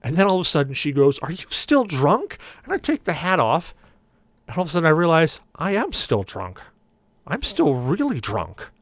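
A man's voice: medium pitch, no room sound. A man on a podcast telling a long, funny story and acting out the voices in it. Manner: animated, acts out the voices in his stories. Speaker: podcast panelist. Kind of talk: comic storytelling.

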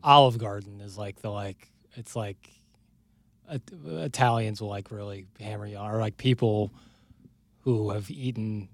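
Laid-back gravelly podcast co-host man. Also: on the low side, unhurried, no echo. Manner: laid-back, chimes in with short agreements. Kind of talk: casual chat.

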